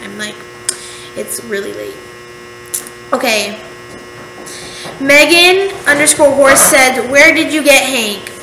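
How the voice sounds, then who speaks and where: A woman's voice: high-pitched, expressive, takes it slowly, pauses often. A young woman vlogging casually late at night, tired and rambling, cutting herself off and restarting as she chats to the camera at home. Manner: rambling, self-interrupting, tired and chatty. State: sleepy. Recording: echoey room with faint hum.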